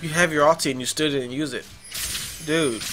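A young man commentating his own online match, exasperated, swearing and yelling at his teammates. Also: fairly high pitch, fairly even intonation, normal speed. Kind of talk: frustrated live gameplay commentary. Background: game music.

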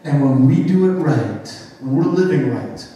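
A man's voice: medium pitch, animated, measured pace, mellow. A man preaching a sermon as a youth pastor, telling stories animatedly and acting out the voices of the people in them. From western New York. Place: church sanctuary. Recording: echoey church hall from far off, faint noise.

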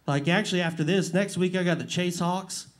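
Rodeo clown in his forties, high voice, rambling and quick to laugh, live before an audience. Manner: emotional, laughing, rambling storyteller. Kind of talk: casual talk-show storytelling.

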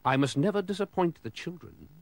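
A man voicing a mysterious elderly Father Christmas, solemn and kind, speaking slowly and emphatically. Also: a little high, lively intonation, creaky, dry recording, voice pushed up.

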